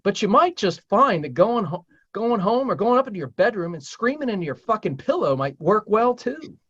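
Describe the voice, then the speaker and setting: A man's voice: sing-song, moderate pace, breathy edge. Guy running a spiritual chat, blunt, swears a lot, voice bounces all over, kinda muffled audio. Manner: emphatic and profane, swings loud and high when stirred. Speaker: spiritual teacher hosting a group talk. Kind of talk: casual group talk.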